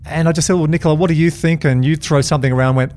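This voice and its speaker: A man's voice: fairly high pitch, steady tone, very fast, a little mellow, slight background noise. A man hosting a podcast, chatting casually and telling stories with enthusiasm. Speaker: podcast host.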